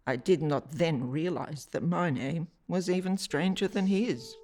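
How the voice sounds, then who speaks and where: A woman from Italy whose first language is Italian, an artist reading her own reflective personal narration in a measured, deliberate way with pauses. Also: low voice, darkish tone, a little hiss or hum.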